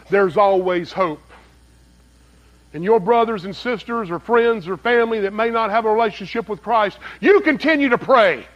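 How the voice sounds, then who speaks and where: A man preaching a sermon as pastor, swinging between loud, emphatic peaks and hushed, low asides. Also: poor audio. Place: church sanctuary.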